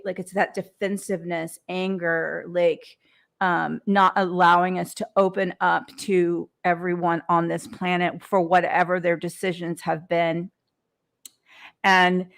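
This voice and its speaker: A woman's voice: on the low side, vocal fry. A woman hosting a motivational podcast, talking earnestly in an unscripted monologue, often repeating words and restarting. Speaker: podcast host and coach.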